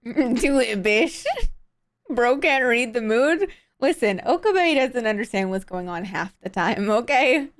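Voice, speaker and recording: A woman streamer reacting casually to a visual novel, crude and excitable, swearing and shrieking. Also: a little high, unhurried.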